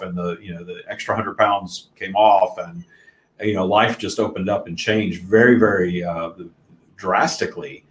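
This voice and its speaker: A man hosting a spiritual live stream, talking earnestly and reflectively in a casual way. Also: on the low side. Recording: echoey room.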